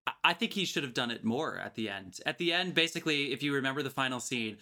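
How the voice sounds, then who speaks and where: A man's voice: mid-range voice, lively intonation, quick pace, pushed and bright. A man co-hosting a podcast, chatting casually about a film, laughing easily and swearing. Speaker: podcast co-host.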